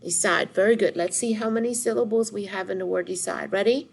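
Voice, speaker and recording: Patient woman teacher, gravelly tone. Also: medium pitch, low-quality recording. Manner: patient, drawn-out word modeling with call-and-response prompts. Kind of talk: recorded phonics lesson.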